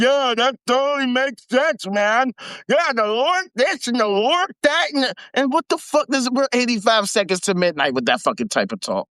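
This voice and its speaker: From a home live-video setup, a livestream host reads an article aloud, adding profane, mocking commentary and laughing between rants. The voice is medium-pitched and the recording dry.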